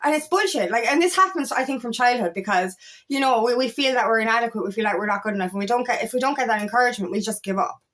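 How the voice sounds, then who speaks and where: A feminine empowerment coach gives a motivational talk to camera in a fairly high, fairly bright voice, speaking very fast. She's emphatic and blunt, swears freely, and repeats her points.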